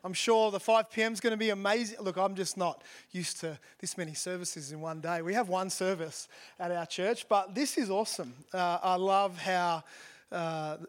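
High-voiced guest minister, effusive. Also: male voice, fairly even intonation, normal speed. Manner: effusive, complimenting the audience. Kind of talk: warm-up words to a congregation.

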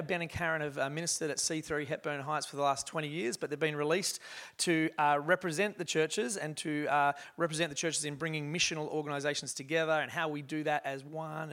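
A man, a pastor, introducing a guest from the pulpit in an earnest, halting way with many uhs. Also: on the high side, a bit bright. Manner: earnest, repeats words, filler uhs. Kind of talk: church announcements from the pulpit.

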